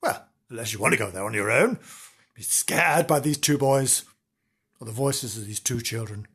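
A man telling a ghost story in a theatrical, hammy way, sinking to hushed whispers for the spooky parts. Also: medium pitch, lively intonation, moderate pace, breathy edge. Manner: theatrical, hammy, booing and hissing at villains. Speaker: storyteller and show host.

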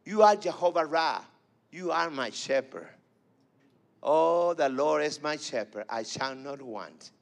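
A man's voice: on the high side, animated, unhurried, gravelly. A man preaching a fervent sermon, repeating phrases and calling for responses.

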